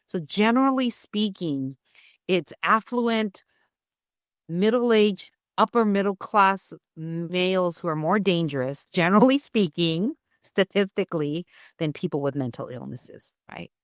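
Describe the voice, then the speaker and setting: A woman's voice: lowish voice, animated, measured pace, dry recording. A woman giving a crisis de-escalation training talk in a conversational way, often checking in with "right?".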